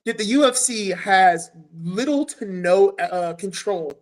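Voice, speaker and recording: Animated, cursing male fighter telling a story. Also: high-pitched, unhurried, low-quality recording. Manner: animated storytelling, swears often, acts out his own quotes. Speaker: guest fighter. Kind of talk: casual podcast chat.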